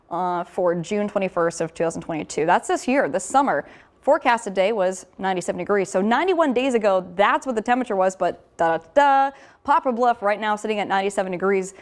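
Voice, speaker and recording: A young woman, a TV weather anchor and field reporter, explaining forecasts in an upbeat broadcast manner. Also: medium pitch.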